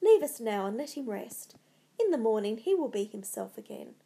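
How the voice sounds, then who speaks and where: A woman's voice: a little high, very animated, moderate pace, gravelly, dark tone, husky, heavily acted. A woman doing an anxious, commanding queen. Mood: desperate. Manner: urgent, controlled. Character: anxious, commanding queen covering for her husband.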